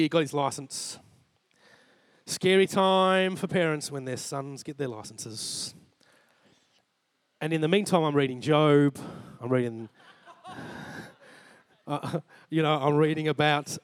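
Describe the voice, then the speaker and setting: Australian man, 40s, sermon, earnest personal storytelling, acts out dialogue, higher-pitched, dry mic. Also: unhurried, long pauses, dry recording. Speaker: preacher. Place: church.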